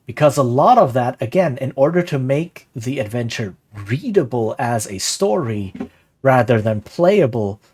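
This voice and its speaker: A man streaming live, talking casually and animatedly about running tabletop games, often asking "right?" and answering chat. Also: medium pitch. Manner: animated, rhetorical, frequent "right?"; reads chat aloud and replies. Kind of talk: casual livestream talk on game design.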